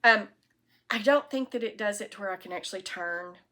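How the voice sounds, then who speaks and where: A woman's voice: mid-range voice, a little fast, fairly bright tone. A woman hosting her own knitting podcast, chatting casually and rambling to an iPad camera on a tripod at home. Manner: chatty, rambling, self-deprecating. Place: at home, alone.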